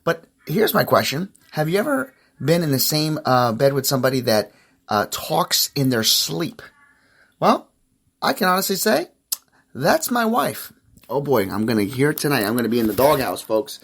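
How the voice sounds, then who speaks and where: A man in his thirties hosts his own podcast and tells a funny story about home life. He talks in a loose, rambling way, full of fillers and restarts. His pitch and tone sit in an ordinary middle range for a man. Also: big pitch swings, moderate pace, gravelly, a bit bright, slightly rough. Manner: chatty, rambling, with many fillers. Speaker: podcast host. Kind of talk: casual storytelling monologue.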